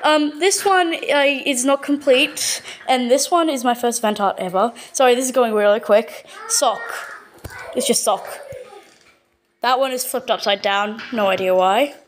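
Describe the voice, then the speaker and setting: A woman with an Australian accent casually narrating a showcase of her own artwork, stumbling over words and filling pauses with lots of ums. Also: on the high side, a little hiss or hum. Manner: hesitant, full of ums and repeated words. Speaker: channel owner.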